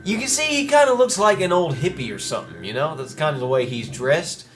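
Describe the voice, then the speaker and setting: Guy rambling over a game playthrough, lively up and down voice, faint game music under him. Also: a little high, a little fast. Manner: chatty, rambling, playful asides. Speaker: let's play commentator. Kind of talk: casual gameplay commentary, reading dialogue aloud.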